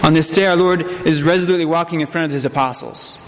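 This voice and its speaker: A man as a priest reading the epistle and gospel, then preaching, in a measured, solemn manner with small slips. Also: a little high, fairly even intonation. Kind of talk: scripture reading and sermon. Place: church. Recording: long church reverb, faint room noise.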